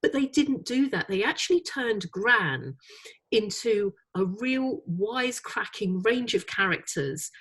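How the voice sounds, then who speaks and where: Middle-aged lady, awards judge, chatty and animated, lots of um and you know, normal mid pitch. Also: a little slow, husky. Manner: animated, many fillers, laughs easily. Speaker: awards jury chair. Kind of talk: interview answers.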